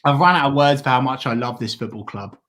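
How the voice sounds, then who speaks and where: A man co-hosting a fan watchalong, commenting on the match in a relaxed, drawn-out way that breaks into excited shouting. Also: medium pitch. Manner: goes from slow chat to ecstatic shouting and singing. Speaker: fan channel co-host.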